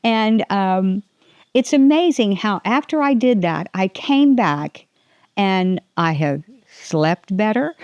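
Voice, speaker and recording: A woman's voice: medium pitch, expressive, slow, a little mellow, smooth, no room sound, highs cut off. Chatty older woman, dry close mic. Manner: chatty, rambling, frequent restarts and laughs. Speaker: podcast host. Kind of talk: casual faith talk.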